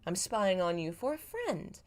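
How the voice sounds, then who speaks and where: A woman reading aloud as a sly male demon spy, voicing him in a low, calm murmur. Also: measured pace. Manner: calm, smirking, softly murmured. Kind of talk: reading own fanfiction aloud.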